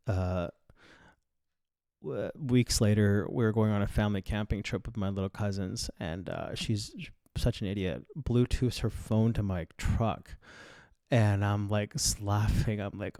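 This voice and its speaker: Guy in his 30s ranting a story on his podcast, crude and cocky, lowish mellow voice, dead dry room. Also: steady tone, measured pace, no echo. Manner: blunt, crude and boastful, heavy swearing. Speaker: podcast host. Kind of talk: casual storytelling monologue.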